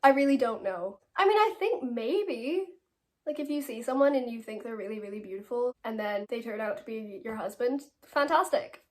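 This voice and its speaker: 18 yr old irish girl doing a fan q&a, bit high voice, chatty and giggly, rambles a lot. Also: fairly quick, hardly any pauses, a little mellow. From Ireland. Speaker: actress answering fan questions. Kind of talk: casual Q&A.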